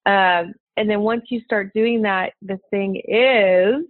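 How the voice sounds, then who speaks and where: A woman's voice: mid-range voice, steady tone, takes it slowly, no echo. Woman coaching over a tinny line. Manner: encouraging, earnest advice-giving. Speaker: dating coach, podcast guest. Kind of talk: conversational interview. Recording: tinny phone-like line, dry.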